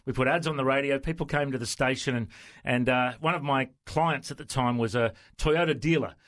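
A man hosting a casual radio chat and telling stories with lively energy. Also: mid-range voice, fairly quick. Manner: chatty storyteller, acts out voices in anecdotes. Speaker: radio host.

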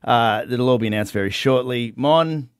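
A man's voice: mid-range voice, clean tone, no room sound, clean studio sound. Emotional Australian male radio host. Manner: emotional, halting, many fillers. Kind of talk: on-air farewell chat. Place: radio studio. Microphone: studio microphone.

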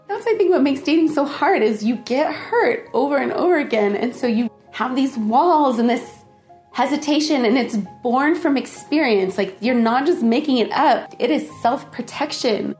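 A woman casually telling a personal story, laughing often and acting out the dialogue in lively voices. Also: fairly high pitch, a little slow, faint music behind.

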